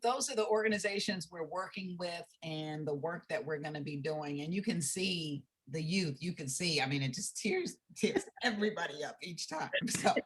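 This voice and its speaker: A woman's voice: lowish voice, animated, normal speed, few pauses, crowd noise. A woman who founded a youth program, talking earnestly in an interview and telling stories. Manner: earnest, storytelling with quoted speech. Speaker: nonprofit founder. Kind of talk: conversational interview talk.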